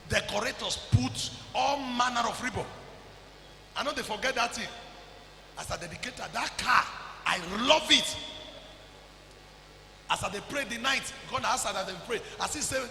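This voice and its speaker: A man preaching a sermon as pastor, loud and emphatic, often shouting and slipping into Pidgin. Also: high-pitched, vocal fry, echoey room, in a large hall, slight background noise, rough recording. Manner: preaching loudly with frequent shouts and Pidgin asides.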